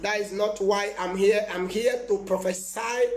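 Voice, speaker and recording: Emphatic high-voiced male preacher, echoey room. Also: fairly even intonation, normal speed, a little hiss or hum. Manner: emphatic, repetitive, breaks into laughter. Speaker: prophet. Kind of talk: live-streamed prophetic sermon.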